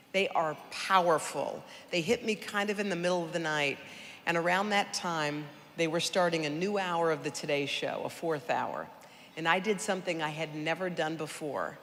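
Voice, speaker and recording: A middle-aged woman gives a lively, conversational speech about her own life, turning to the audience as she goes. Her voice rings out through a large hall with a long echo. A faint background hum sits under her words. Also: deep voice. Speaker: guest speaker at a charity gala. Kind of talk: personal storytelling speech.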